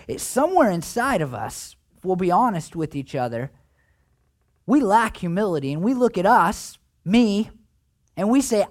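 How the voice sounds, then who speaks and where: A man preaching a sermon as pastor, earnest, often restarting words and dropping quiet at the ends of phrases. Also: on the high side, sing-song, moderate pace. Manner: acts out quoted voices, drops quiet at phrase ends.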